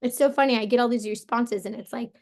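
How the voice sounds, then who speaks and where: A woman with a hoarse, partly lost voice, coaching her sales team on a motivational call in a casual, upbeat way, full of "like" and "you guys". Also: a little high, steady tone, fast. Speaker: team leader coaching sellers.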